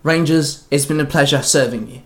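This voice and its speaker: A man voicing a sad, loyal helper, speaking quickly and wistfully. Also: fairly high pitch, close to an everyday voice.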